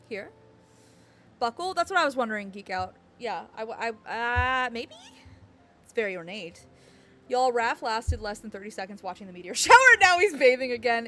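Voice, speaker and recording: A woman's voice: a little high, sharp tone, a little hiss or hum. A woman streamer chatting casually and reading game text aloud, giggling often.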